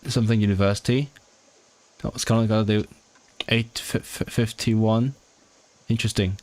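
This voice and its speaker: Fairly low in pitch, steady and a little mellow, the voice is that of a male streamer learning a language on a live study session. As he figures out the signing, he stumbles, restarts words, and poses questions to himself in confusion.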